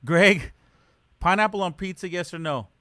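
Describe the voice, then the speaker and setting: A man co-hosts a casual podcast, running games with loose, rambling explanations. His voice is bright and forceful, and he laughs easily. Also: high-pitched, normal speed. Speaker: podcast co-host.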